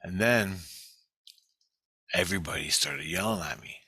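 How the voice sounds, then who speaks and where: A man rambling through a profane casual monologue about a dream, with halting restarts. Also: low-pitched, sharp tone, husky, no echo. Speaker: storyteller recounting a dream.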